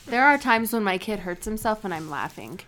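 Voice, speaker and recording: A woman's voice: mid-range voice, expressive, a little fast, a bit bright. A woman co-hosting a podcast in casual chat, telling rambling stories full of fillers. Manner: chatty, rambling storyteller with many fillers. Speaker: podcast co-host.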